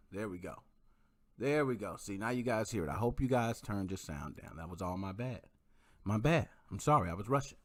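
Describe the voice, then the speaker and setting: A man chatting casually on a livestream, his pitch swooping high and low as he talks. His tone is bright and forceful, and he addresses the viewers directly. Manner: animated, talks straight to viewers and greets chat. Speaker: livestream host.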